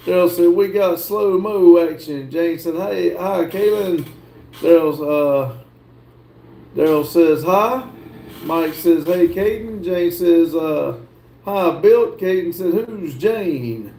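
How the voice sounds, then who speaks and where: Slow-talking man in an echoey room. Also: sits high, mellow. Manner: slow, drawling, reads comments aloud and answers. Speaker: livestream host reading chat. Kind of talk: casual chat.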